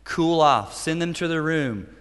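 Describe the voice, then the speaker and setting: A middle-aged man, a pastor, preaching a sermon in an emphatic, punchy way with sudden loud bursts. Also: a little high, animated, a little slow, clean tone. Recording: long reverb of a church hall.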